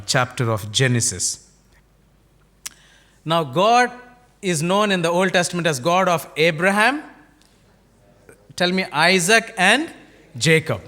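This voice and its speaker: A male pastor with an Indian English accent delivers a sermon, his voice sitting a touch high for a man. He tells stories by acting out the dialogue and keeps turning to the congregation with rhetorical questions. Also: sharp tone.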